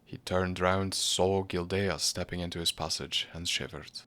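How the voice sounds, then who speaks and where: A man narrating a storybook reading in a measured, grave manner. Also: low voice, flat delivery, sharp tone.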